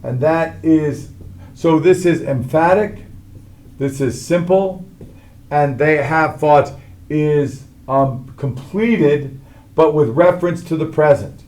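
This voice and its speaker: A man's voice: on the high side, slow, a little mellow. A middle-aged man teaching a Latin grammar lesson, explaining each form step by step and often checking in with "all right?".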